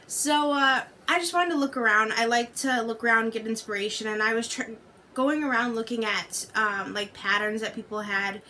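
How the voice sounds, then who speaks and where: A woman's voice: on the high side, normal speed, pushed and bright, a little hiss or hum. A young woman fresh out of college, a podcast guest, chatting casually and hesitantly with many fillers. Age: young adult. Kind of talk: casual chat.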